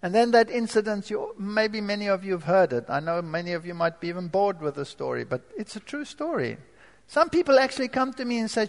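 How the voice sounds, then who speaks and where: A man giving a dramatic testimony to an audience, moving from quiet asides to forceful outbursts. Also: sits high, big pitch swings, a little fast, long reverb tail. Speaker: former professor giving a testimony.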